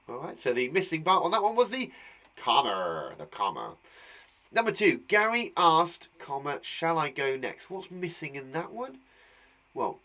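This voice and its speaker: A man's voice: a little high, fairly bright tone. An English man teaching a video lesson to young children, his voice swinging up and down as he talks. He cheers the pupils on, asks a question and then asks it again, and keeps the pace friendly and encouraging. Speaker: primary school teacher.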